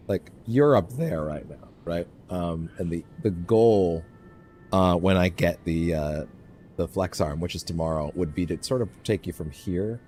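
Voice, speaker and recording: A man with a very low voice chats loosely while streaming a game. He rambles and circles back on his own phrases. Faint music plays behind him. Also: dark tone. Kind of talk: casual gameplay commentary.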